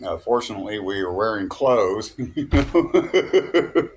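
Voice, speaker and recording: A man's voice: on the low side, animated, slow, darkish tone. A man telling a rambling personal story, chuckling often and checking in with "okay?". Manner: chuckling, loose and digressive, peppered with "okay?" and "uh".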